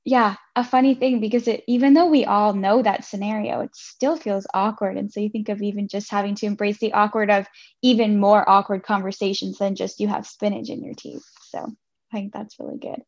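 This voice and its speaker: A woman's voice: medium pitch, little pitch movement, fairly quick. A woman from Ontario hosting an interview, friendly and affirming in loose, casual phrasing. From Ontario, Canada. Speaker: host. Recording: dull lo-fi audio.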